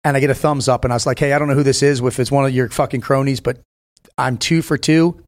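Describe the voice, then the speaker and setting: A man's voice: medium pitch, fairly even intonation, fast talker. A man in his fifties, a former Navy SEAL guest, telling blunt, profane stories in casual podcast chat. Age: 50s. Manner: blunt, profane, storytelling with emphatic bursts.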